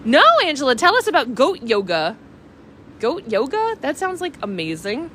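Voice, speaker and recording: A woman whose voice sits high swings her pitch widely at a normal speed, sounding a bit bright over slight background noise. She's a travel livestream host walking a village street outdoors, bubbly, reading out viewers' comments, and a bit sniffly from a cold.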